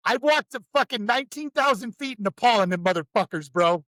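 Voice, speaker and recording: A man's voice: sits high, lively intonation, a little fast, pushed and bright, no room sound. A man co-hosting a podcast, telling rambling, profane stories in a casual chat. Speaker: podcast co-host.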